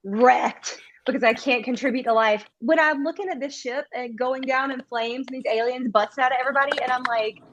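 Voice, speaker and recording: A woman's voice: high voice, a little fast, few pauses, dull audio, background noise. A woman chatting casually on a podcast, telling stories animatedly and acting out quotes. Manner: animated storyteller, acts out quotes with laughter. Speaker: podcast guest co-host. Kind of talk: casual chat.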